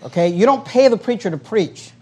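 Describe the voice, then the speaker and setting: A man preaching a sermon from the pulpit, reading scripture aloud and then paraphrasing it with a sarcastic, animated delivery. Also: sits high, brisk, breathy edge. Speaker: pastor.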